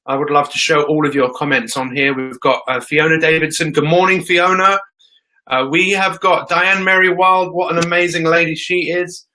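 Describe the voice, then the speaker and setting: Man, energetic motivational host, bright forceful voice, slightly high, talking into a phone. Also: normal speed, rough recording. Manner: energetic, greets viewers by name. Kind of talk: live-streamed motivational talk.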